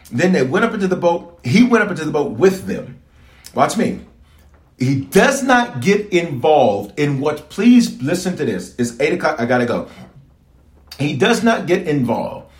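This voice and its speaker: Emphatic preaching man in an echoey room. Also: on the high side. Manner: emphatic, repeats phrases, calls to congregation. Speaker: bishop. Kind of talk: preaching a prayer call.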